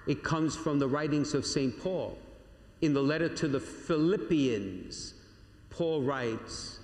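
Priest telling a story in an echoing church. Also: male voice, on the high side, darkish tone. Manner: storytelling, addresses listeners as "my young friends"; dramatic pauses and slowed emphasis. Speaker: Catholic priest. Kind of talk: sermon to confirmation candidates. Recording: echoey church with long reverb.

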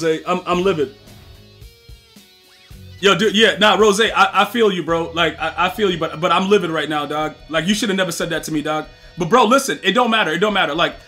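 Male streamer, high bright voice, slangy chat-facing delivery, faint music bed. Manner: slangy, repetitive, addresses chat directly; heated and animated, bursts to near-shouting. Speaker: gaming streamer. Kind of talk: casual live-stream talk to chat.

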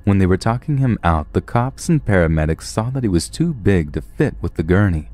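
A man narrating first-person stories aloud in a plain, steady storytelling manner. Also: low-pitched, a little fast.

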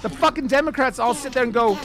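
A man's voice: very high voice, fast. A man streaming a video game, angrily ranting to his chat, swearing heavily and restarting his sentences. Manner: heavy swearing, restarts mid-sentence, addresses chat viewers. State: angry. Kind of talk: heated live-stream rant.

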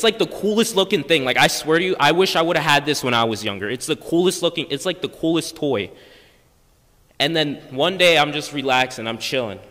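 A teenage boy doing a stand-up routine as a student performer, talking in slang and getting loud as his story builds. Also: fairly high pitch. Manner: animated, slangy, exclaims loudly in places. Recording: echoey school studio hall.

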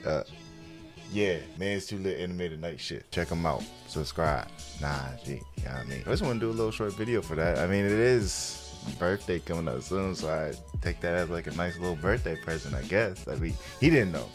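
Deep-voiced slangy young man reacting. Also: lively intonation, brisk, music in the background. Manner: laid-back slangy talk, laughs at himself. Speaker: reaction video host. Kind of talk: casual reaction commentary.

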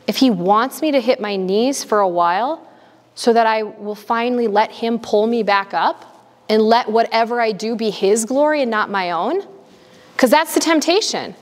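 A woman in her thirties giving a candid talk and answering audience questions. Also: fairly high pitch. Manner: earnest, candid, quick bursts. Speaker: guest speaker. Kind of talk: casual Q&A talk. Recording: long hall reverb.

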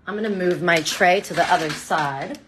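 A middle-aged woman hairstylist chatting brightly while she demonstrates hair toning in a salon, teaching as she works. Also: fairly low pitch, moderate pace, slight background noise. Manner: bubbly, chatty, talks while working. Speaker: hairstylist educator. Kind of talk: live hair coloring tutorial. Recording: echoey room.

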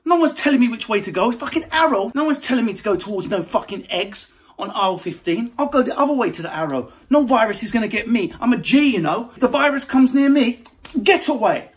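A man's voice: very high voice, lively intonation, a little fast. A man doing a cocky, swaggering tough-guy shopper. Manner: cocky, defiant bluster.

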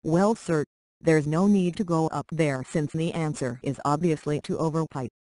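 A text-to-speech voice reading the lines of a cocky, teasing teenage boy in a flat, unacted delivery. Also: medium pitch, moderate pace, dry recording, close to an everyday voice. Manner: teasing, self-assured.

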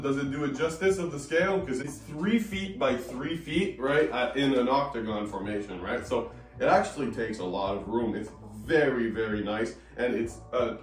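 A man hosting a casual reptile vlog at home, upbeat and chatty, often tagging on "right?". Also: mid-range voice. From Canada. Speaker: reptile channel host. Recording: echoey room with guitar music.

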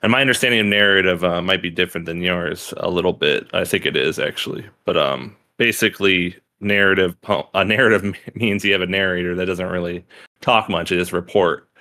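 Rambling, swearing man with a low voice. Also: brisk, pushed and bright. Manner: rambling, profane, laughs often, many restarts. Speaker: podcast co-host. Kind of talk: casual conversation about poetry.

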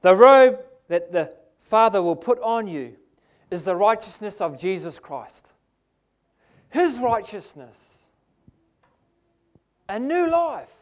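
A man's voice: sits high, very animated, slow, pauses often. A man with a New Zealand accent preaching a sermon in a church, emphatic and asking the congregation "amen?".

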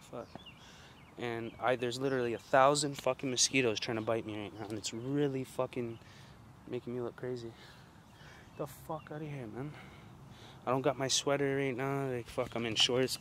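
A man's voice: mid-range voice, fairly bright tone, slight background noise. A man ranting casually to camera outdoors, profane, rambling and confrontational, recorded on a handheld phone. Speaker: vlogger. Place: outdoors at night among mosquitoes.

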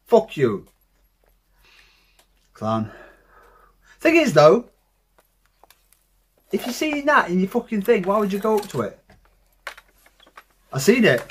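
A man in his thirties hosting a reaction video, talking in an excitable, heavily profane casual way. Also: high-pitched, breathy edge. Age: 30s.

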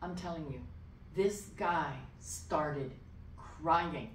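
A woman pastor telling a personal testimony in an interview, animated, dropping to a whisper when she quotes voices. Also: deep voice, extremely slow, a little hiss or hum. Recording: echoey room, distant mic.

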